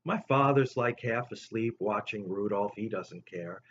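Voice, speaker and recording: An older man tells a rambling childhood story to the camera in an animated, casual way, jumping high for quoted lines. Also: measured pace. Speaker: storyteller host. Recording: slightly dull recording with faint room noise.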